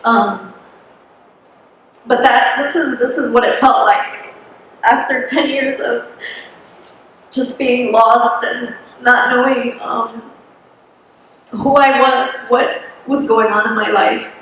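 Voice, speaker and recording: A woman's voice: on the high side, steady tone, slow, pauses often, a bit bright. Earnest woman speaking in an echoey hall. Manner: earnest, emotional at times. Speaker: conference speaker. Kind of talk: personal testimony talk. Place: large conference hall. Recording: very echoey hall, faint noise.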